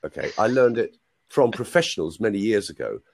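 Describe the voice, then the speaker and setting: A man's voice: on the low side, very animated, a little fast, vocal fry. A man working as a voice coach on a video call. He has a cold and coughs, and he explains patiently, often checking with "right?".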